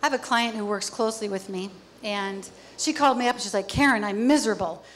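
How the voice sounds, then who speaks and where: Woman on stage doing a motivational talk, lively, acts stuff out. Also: mid-range voice, fast, slight background noise. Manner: lively, acts out little scenes. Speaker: speaker. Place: theater stage.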